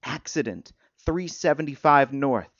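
Male narrator doing a dazed, badly hurt young woman, slurred and hushed; dull, dry audio. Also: mid-range voice, lively intonation, measured pace. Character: injured young woman, groggy and frightened.

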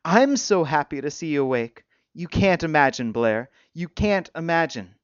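A man's voice: fairly high pitch, lively intonation, unhurried. A man reading the lines of an anxious young man at a bedside, eager and pleading, on a dull, dry recording.

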